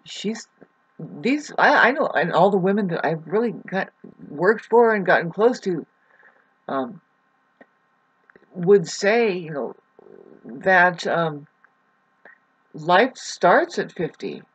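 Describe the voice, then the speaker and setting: A woman in her forties giving a casual, rambling astrology talk, halting often with fillers and restarts. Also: fairly low pitch, very animated, husky, muffled recording. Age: 40s. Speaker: astrology vlogger.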